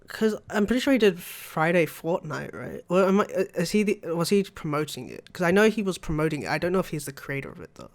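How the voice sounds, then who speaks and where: Chatty young man, slightly high voice. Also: very animated, fast, vocal fry, few pauses. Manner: rambling, chatty, laughs often. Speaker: podcast co-host. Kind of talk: casual gaming chat.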